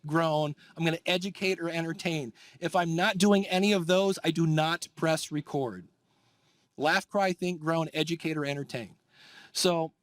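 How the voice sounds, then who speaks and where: A man giving a live conference presentation in a lively, conversational way, acting out quoted voices as he goes. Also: a little high, no room sound. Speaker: conference speaker. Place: conference room.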